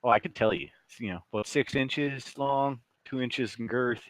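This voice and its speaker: A man's voice: mid-range voice, normal speed, no echo. A man running a tabletop game as dungeon master, joking and teasing his players.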